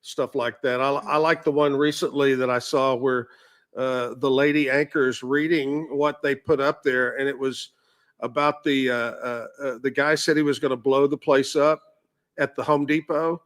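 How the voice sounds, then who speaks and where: A man's voice: medium pitch, flat delivery, moderate pace, fairly bright tone. A man hosting a radio show, chatting casually and laughing often. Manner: chatty, laughs often, reads off music history notes. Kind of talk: casual on-air chat.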